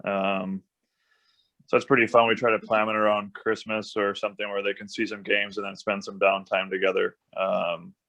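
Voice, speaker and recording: A young American hockey player appears as a guest in a casual interview, his fairly low voice gravelly, a bit bright, and level in tone at a normal pace. He's easygoing and fills his speech with ums and uhs, and the video call audio sounds dull and lo-fi.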